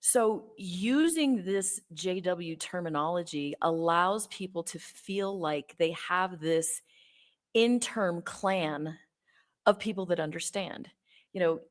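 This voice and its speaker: A woman hosting her own channel, earnestly explaining her points one by one to the camera. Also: on the low side. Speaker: host.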